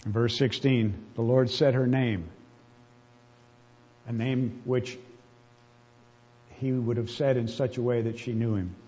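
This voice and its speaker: A man's voice: medium pitch, steady tone, unhurried, long pauses, dark tone, breathy edge. A man preaching a sermon, reading scripture aloud with earnest, emotional emphasis. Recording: dull reverberant hall.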